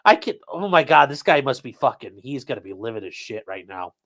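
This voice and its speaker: A man's voice: medium pitch, very animated, brisk, fairly bright tone. A man giving casual, profane commentary as a show host, acting out quoted dialogue as he retells a police encounter.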